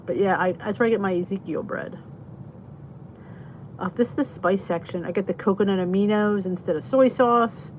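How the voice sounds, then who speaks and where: A woman hosting a casual live stream, chatting in a rambling, easygoing way and breaking off to greet her viewers. Her voice sits at an ordinary middle pitch. A faint hum of noise is heard behind her. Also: normal speed. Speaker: host of a live stream chat.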